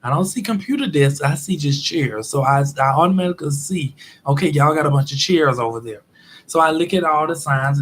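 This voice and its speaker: A man's voice: on the high side, slight background noise. A man hosting his own show, telling an everyday story as a casual, exasperated rant and acting out both sides of the conversation. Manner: animated, exasperated, acts out both sides of dialogue. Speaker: show host.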